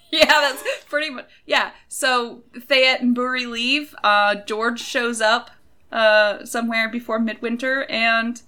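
Slow-talking bright-voiced woman. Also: a little high, steady tone. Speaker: podcast co-host. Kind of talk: casual book discussion.

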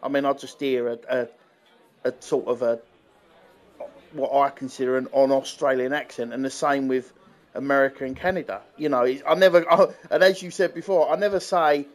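A man from the UK co-hosting a podcast in casual chat, hesitant and restarting often, lively when he quotes others. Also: mid-range voice, brisk. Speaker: podcast co-host.

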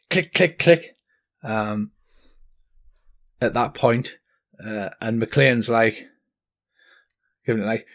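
A man narrating a tabletop game as game master, with many ums and restarts. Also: mid-range voice. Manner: hesitant, lots of ums and restarts.

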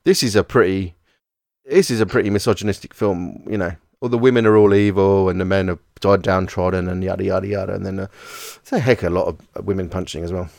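A man's voice: low-pitched, steady tone, fast, vocal fry, darkish tone, dry recording, clean studio sound. A man co-hosting a casual movie podcast, rambling with stammered restarts. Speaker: podcast co-host.

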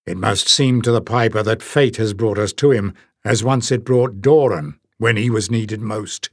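A man reading an audiobook, voicing a steady, plain-spoken grown warrior. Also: fairly low pitch, moderate pace, dry recording, clean studio sound, close to an everyday voice. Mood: earnest.

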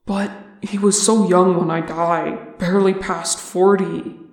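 A reader voicing the ghost of an old male dwarf, who speaks in a breathy, hushed way. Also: medium pitch, level tone, takes it slowly, roomy sound. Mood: awed hushed.

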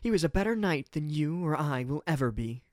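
Man voicing a high, tearful young woman knight. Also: very animated, slow pace, a little mellow, no room sound, clean studio sound, full character voice. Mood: defiant. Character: distraught young woman knight, earnest, wounded. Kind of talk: storybook reading.

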